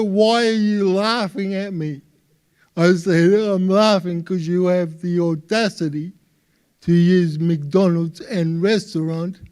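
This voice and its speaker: A man with an Australian accent doing stand-up comedy for a live audience, with a halting delivery full of repeated words. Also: high voice, smooth. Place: live stage before an audience.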